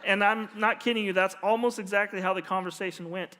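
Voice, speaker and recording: High-voiced pastor preaching in a reverberant hall. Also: male voice, fast, a little hiss or hum. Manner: animated storyteller acting out dialogue. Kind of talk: sermon with storytelling. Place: church sanctuary. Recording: long hall reverb with faint music.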